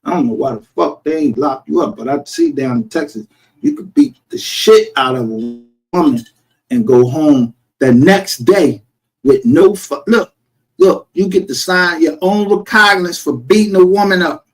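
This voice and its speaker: A man's voice: fairly high pitch, expressive, moderate pace, low-quality recording. A man ranting in a casual livestream commentary, profane, heated and rambling as he calls people out. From northern United States. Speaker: streamer. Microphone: home streaming setup.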